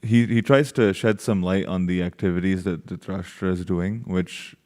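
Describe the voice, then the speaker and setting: A man's voice: low-pitched, fairly even intonation, normal speed, a little mellow. A man taking part in a study group, answering a question hesitantly and with many fillers. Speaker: class participant.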